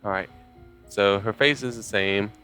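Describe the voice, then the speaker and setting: A man's voice: lowish voice, a little slow, pushed and bright, smooth, faint music behind. A man casually commenting on a game as he plays, joking and rambling in self-deprecating asides. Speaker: gamer reading game text aloud. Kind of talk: casual let's play commentary.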